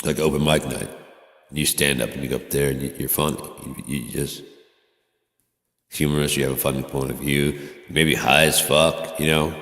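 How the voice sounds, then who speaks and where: Very deep, gravelly man rambling casually. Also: steady tone, moderate pace, a bit bright. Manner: rambling, profane, jokey. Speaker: streamer. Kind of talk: casual livestream chat. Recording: echoey room with long reverb.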